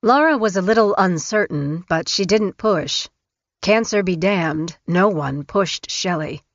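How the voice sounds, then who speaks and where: A woman narrating an audiobook in a measured, even way. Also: fairly low pitch, dry recording. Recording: dull, dry studio recording.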